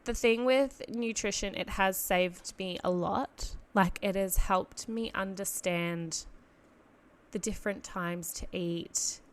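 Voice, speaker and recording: A young Australian woman hosts a casual podcast on her own, speaking slowly in a medium-pitched voice. Her talk rambles, packed with "like" and self-corrections, and she often laughs at herself.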